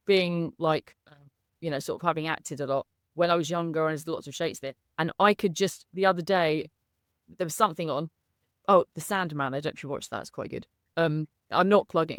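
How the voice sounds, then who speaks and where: Woman, lowish voice, effusive and emotional, candid interview guest, dry close sound. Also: no room sound. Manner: emotional, effusive, laughs often. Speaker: coaching client, guest.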